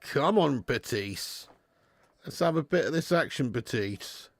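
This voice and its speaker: A man's voice: medium pitch, lively intonation, measured pace, dry recording. A man hosting a live football watch-along stream, reading out donations and bantering with viewers in a chatty manner with frequent laughs.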